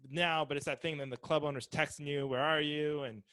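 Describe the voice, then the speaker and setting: A comedian and podcast co-host telling a rambling, self-deprecating story in casual chat. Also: male voice, on the high side, steady tone, quick pace, sharp tone, clean tone, no echo. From Seattle area.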